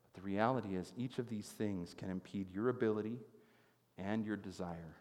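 A man's voice: fairly low pitch, normal speed, darkish tone. A man pastor giving a sermon in a conversational storytelling manner, often asking his listeners questions. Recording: long hall reverb.

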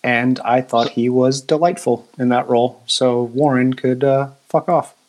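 A man's voice: mid-range voice, steady tone, a little slow, darkish tone. Man, enthusiastic, casual swearing, podcast co-host. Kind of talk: casual chat.

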